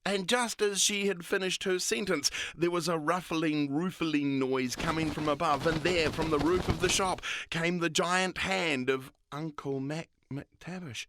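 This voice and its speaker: A storyteller narrating a children's story in a playful, animated way. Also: medium pitch, measured pace, few pauses, noisy background.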